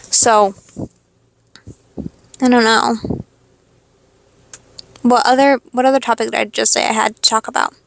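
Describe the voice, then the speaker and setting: A high school senior girl in her late teens, rambling casually in a stream-of-consciousness monologue, swearing freely and second-guessing herself. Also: little pitch movement, unhurried, vocal fry, pauses often. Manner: rambling, swearing, self-questioning. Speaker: podcast host.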